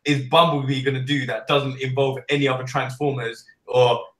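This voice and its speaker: A man's voice: medium pitch, flat delivery, normal speed, fairly bright tone, roomy sound, distant mic, rough recording. A man co-hosting a geek podcast, ranting sarcastically in casual chat. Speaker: podcast co-host.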